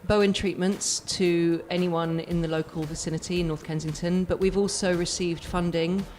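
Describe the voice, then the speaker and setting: A woman with a croaky voice, a guest on a radio show, explaining her work in an earnest, rambling way with many fillers. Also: fairly low pitch, fairly even intonation, moderate pace, a little mellow, a little hiss or hum. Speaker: guest, therapist. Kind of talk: casual radio interview.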